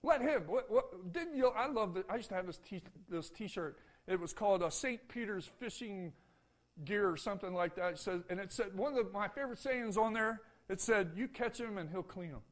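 High-voiced preaching man. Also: moderate pace. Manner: preaching with rising shouts and dropping to soft, hushed lines; folksy, repeats phrases, asks the congregation "Amen?". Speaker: pastor. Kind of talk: sermon. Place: church.

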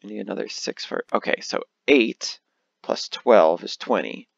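Gravelly, slow-talking young man. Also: on the low side, no echo, lo-fi sound. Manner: mutters card sums, then bursts of exasperation. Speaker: let's play host. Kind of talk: casual game commentary.

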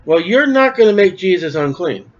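A man with a high voice preaches a sermon in a conversational, questioning way. He asks questions and answers them himself, and he raises his voice to act out the people in the story. The recording is dull and lo-fi. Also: big pitch swings, normal speed. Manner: acts out quoted voices with raised pitch.

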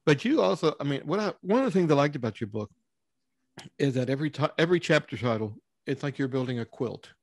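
A man's voice: mid-range voice, expressive, fast talker, dry recording, clean studio sound. A man hosting an interview, laughing along with his guest and prompting her with things he remembers. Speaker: interview host. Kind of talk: conversational interview.

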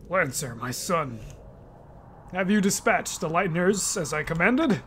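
Brief: man voicing a deep, grave, menacing game king, slow and commanding. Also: very animated, a bit bright, slight background noise, full character voice. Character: cold, menacing villainous king and father.

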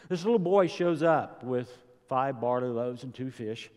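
A male pastor preaching a sermon, telling stories slowly and deliberately and building repeated refrains. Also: mid-range voice, expressive, darkish tone. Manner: slow, deliberate storytelling delivery with rising repeated refrains. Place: church sanctuary. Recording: long church hall reverb.

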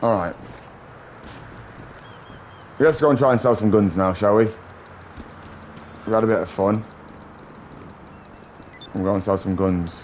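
Man, young, lowish voice, excitable gameplay commentary, clear game sounds behind. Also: a little slow, long pauses, slight background noise. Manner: excitable, swearing, trash-talking other players. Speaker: gaming YouTuber.

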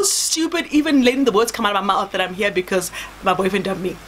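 A young woman from South Africa telling a dramatic story in a chatty, animated way, often calling her viewers "guys". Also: medium pitch, fast, slight background noise. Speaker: vlogger. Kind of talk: storytime vlog.

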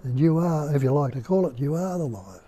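Starszy mężczyzna z australijskim akcentem, ciemny głos. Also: male voice, a little high, lively intonation, dark tone, breathy edge. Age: older. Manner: slow, musing, asks listeners rhetorical questions. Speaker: spiritual teacher. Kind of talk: unhurried nondual teaching talk. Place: indoor room at home.

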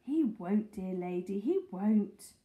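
A woman voicing a shy, gentle older gentleman who speaks politely and reassuringly. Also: mid-range voice, expressive, slow pace, phone-quality sound. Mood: soothing.

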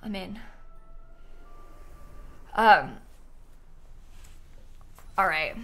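A woman's voice: medium pitch, animated, drawn-out words, sharp tone, soft background music. A young woman streaming a video game live, chatting casually and reading quest text aloud. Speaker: gaming streamer.

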